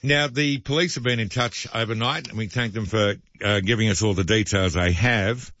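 A man's voice: on the low side, moderate pace, fairly bright tone, no echo, muffled recording. A man hosting talk radio, reading news items and adding sardonic, opinionated asides. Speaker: radio host.

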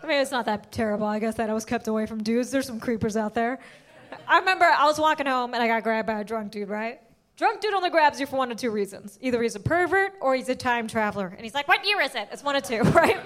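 A woman's voice: a little high, lively intonation, fast, a bit bright. A woman doing a stand-up comedy set, telling stories in a chatty way with lots of tag questions. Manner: conversational storytelling, frequent tag questions.

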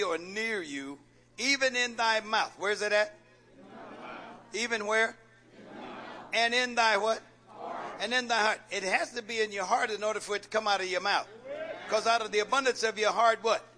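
High, bright-voiced preacher man. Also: normal speed, pauses often. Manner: call-and-response preaching, repeats phrases; folksy, joking with the congregation. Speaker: pastor. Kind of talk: sermon.

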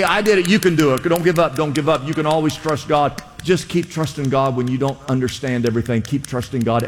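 A man's voice: high-pitched, a bit bright, long reverb tail. A male pastor preaching a sermon in a church, with impassioned exhortations and lots of repetition.

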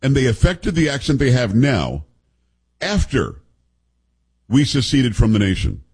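Chatty radio host, husky. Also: male voice, mid-range voice, big pitch swings, a little slow, darkish tone, poor audio. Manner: chatty, joking, emphatic asides. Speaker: radio talk show host. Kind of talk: casual call-in radio talk.

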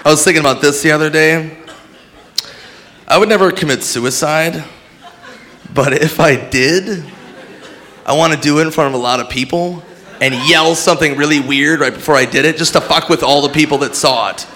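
Male stand-up comic, dark deadpan delivery, live club noise behind. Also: a little high, moderate pace, pauses often. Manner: deadpan dark jokes, loud outbursts. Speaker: stand-up comedian. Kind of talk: stand-up comedy. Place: comedy club stage. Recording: live club recording with crowd. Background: audience laughter.

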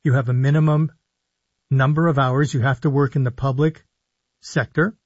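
A man, a physician hosting a live call-in radio show, explaining in a measured way with slow emphasis on key words. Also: medium pitch, steady tone, dry recording, dull audio. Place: radio studio.

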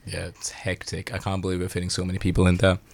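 A man's voice: low voice, completely flat delivery, fast, vocal fry, no echo. A man guesting on a radio show as a band member, laid-back and sweary, full of restarts and "man". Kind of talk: casual radio interview chat. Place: radio studio.

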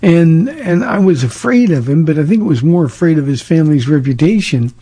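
A gravelly man with a somewhat higher voice, a pastor from Southern California answering listener questions. He talks plainly and directly and draws on stories from his life. The tone is dark and husky. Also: lively intonation, brisk. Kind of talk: casual call-in advice talk.

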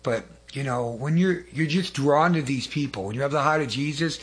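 A man's voice: medium pitch, moderate pace, fairly bright tone, slightly rough. A man giving an earnest, rambling testimony sermon, often restarting and adding asides. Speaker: lay preacher.

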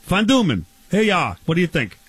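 A brash man hosting an improvised comedy sketch. He talks fast in a high voice and rambles while teasing his guest. The sound is dry and close. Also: huge pitch swings, fairly bright tone, slightly rough, dry recording. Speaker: host.

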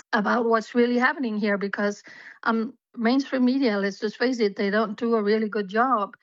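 A woman's voice: medium pitch, fairly bright tone, no echo, dull audio. A woman from Denmark, a journalist guest telling her story earnestly and fervently in an interview.

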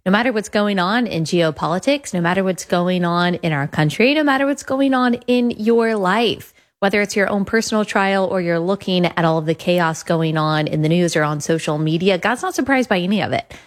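A woman's voice: fairly low pitch, brisk, few pauses. A woman hosting a podcast, talking about faith in an earnest, emphatic way. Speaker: podcast host.

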